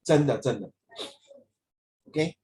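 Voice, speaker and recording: A man's voice: medium pitch, animated, a little slow, dark tone, slight background noise, rough recording. A man teaching a casual lesson, switching between English and Mandarin and teasing his students. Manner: playful, teasing.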